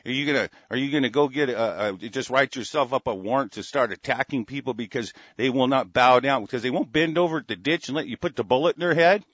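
A man's voice: mid-range voice, quick pace, hardly any pauses, no room sound. Furious ranting man, dull dry recording. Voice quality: heated, shouting bursts, stammering restarts. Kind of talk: angry profane rant.

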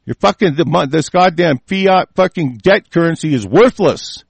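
A man's voice: on the high side, expressive, moderate pace, vocal fry, slightly rough, no echo. A man in a furious, profanity-laden solo rant, commenting on the news. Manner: furious, heavily profane ranting. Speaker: political commentator.

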